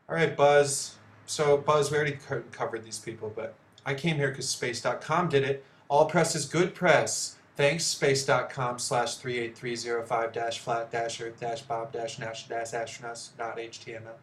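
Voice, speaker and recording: A man's voice: mid-range voice, steady tone, normal speed, a little hiss or hum. Profane ranting man in an echoey room. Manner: profane, heated, blunt asides. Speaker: video host. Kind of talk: ranting commentary on news articles.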